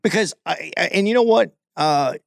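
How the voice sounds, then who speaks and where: A man co-hosting a podcast in casual chat, asking questions in a measured way. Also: high-pitched, expressive, creaky, no echo, studio quality. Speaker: podcast co-host.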